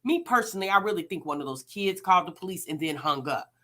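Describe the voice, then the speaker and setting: A woman's voice: on the low side, lively intonation, quick pace, a bit bright. A woman hosting a reaction vlog, talking casually to her viewers and firing off rhetorical questions. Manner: chatty, addresses viewers directly, rhetorical questions. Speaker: reaction channel host.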